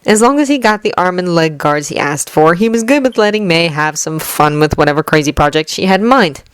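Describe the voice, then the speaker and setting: A woman narrates a fanfiction story with a lively, animated lilt. Her voice is recorded close and dry, with no room sound. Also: fairly low pitch, fairly quick, smooth, dry recording. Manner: expressive storytelling. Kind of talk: fanfiction reading.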